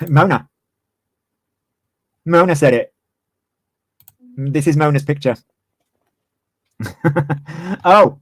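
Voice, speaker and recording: A man's voice: a little high, no echo. A man in his twenties, ranting heatedly on a livestream and swearing freely. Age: 20s. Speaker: streamer. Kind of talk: livestream commentary.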